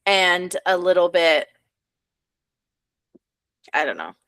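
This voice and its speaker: Woman, podcast co-host, bright voice, dry sound, easygoing, teasing. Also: fairly low pitch, very animated, slow, no room sound. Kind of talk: casual chat.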